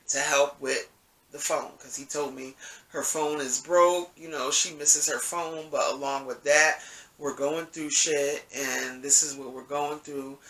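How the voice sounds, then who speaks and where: Man, casual storytime monologue, rambling, swears a lot, somewhat high voice, roomy echo. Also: pushed and bright. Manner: rambling, profane, full of "you know what I'm saying". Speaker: vlogger telling a story. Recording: echoey room, mic at a distance.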